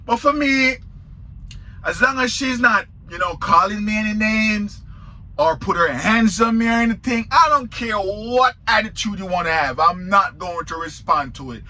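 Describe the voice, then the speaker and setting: A man's voice: sits high, expressive, moderate pace, pushed and bright. A man with a Jamaican accent, a truck driver telling a story in a casual vlog, talking straight to viewers.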